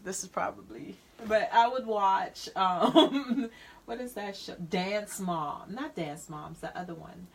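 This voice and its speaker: A woman hosting a casual radio chat, chatty and quick to laugh. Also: medium pitch, creaky, slightly rough. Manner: laughs often, chatty with many fillers. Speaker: radio show host. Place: radio studio.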